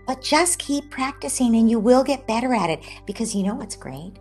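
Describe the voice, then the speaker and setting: Animated woman explaining gently. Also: a little high, moderate pace, breathy edge, soft background music. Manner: animated, explanatory, dips into soft near-whispers. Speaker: psychologist guest. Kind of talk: interview answers. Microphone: video call.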